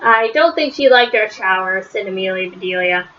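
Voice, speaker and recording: A woman reading a children's picture book aloud, with a lively delivery that rises high on the characters' shouts. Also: normal speed, highs cut off, a little hiss or hum. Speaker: storybook reader.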